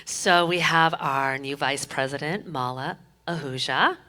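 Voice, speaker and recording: A woman's voice: low-pitched, measured pace, background noise. A woman serving as board president, graciously introducing the new board one by one on a handheld microphone. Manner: gracious, names people one by one.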